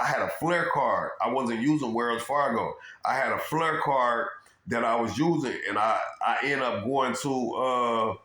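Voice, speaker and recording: Man, casual rambling monologue, profane and animated, bright forceful voice, roomy echo. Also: mid-range voice. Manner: profane, animated, repeats "you know what I'm saying". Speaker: vlogger telling his own story.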